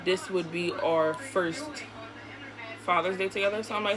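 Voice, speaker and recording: A woman vlogger chatting through a storytime while she does her makeup, animated and candid, acting out the people in her story and swearing casually. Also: lowish voice, moderate pace, low-quality recording. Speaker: beauty vlogger.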